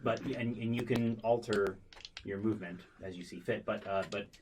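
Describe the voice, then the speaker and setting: A man narrating as game master of a tabletop game, halting, with many ums and restarts. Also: lowish voice, fairly even intonation, background noise.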